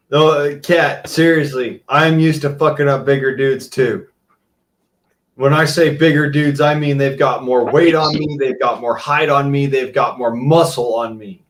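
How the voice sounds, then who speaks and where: A man's voice: mid-range voice, fairly even intonation, measured pace. A man hosting a casual stream, talking profanely and teasing, switching to baby talk with his dog. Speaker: stream host. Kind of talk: casual chat while playing with his dog.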